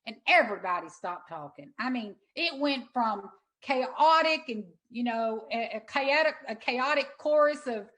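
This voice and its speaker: A middle-aged woman, a guest in an interview, telling an emotional story in an earnest, halting way with many restarts. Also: fairly high pitch, lively intonation, fairly bright tone, poor audio. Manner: earnest, halting, repeats words when moved. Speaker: interview guest, sanctuary owner.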